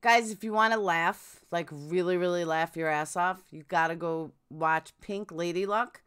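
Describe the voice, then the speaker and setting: A woman's voice: fairly low pitch, normal speed, a bit bright, clear, resonant tone. A woman hosting a casual live stream, chatting and answering viewers' comments. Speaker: true crime live streamer.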